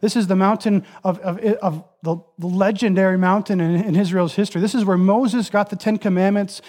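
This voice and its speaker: A man's voice: sits high, steady tone, brisk, darkish tone. A man preaching a sermon in an earnest, emphatic way.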